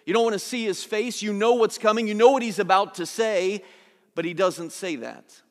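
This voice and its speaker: A man pastor preaching a sermon, swinging from soft, low lines to loud, urgent ones. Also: normal speed, big-room sound.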